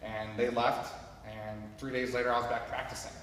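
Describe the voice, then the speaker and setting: A man's voice: mid-range voice, flat delivery, normal speed, a bit bright, distant mic, a little hiss or hum. A man telling his story in a hall. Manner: earnest, conversational storytelling that addresses the audience directly. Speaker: motivational speaker. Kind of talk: personal story told to a live audience. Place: large hall with an audience. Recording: echoey hall recorded from afar.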